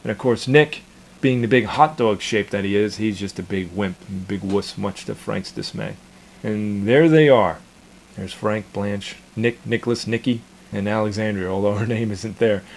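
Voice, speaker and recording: A man's voice: on the low side, normal speed, a little hiss or hum. A man in his thirties, a cartoon creator casually chatting in an interview, rambling and repeating his words with chuckles.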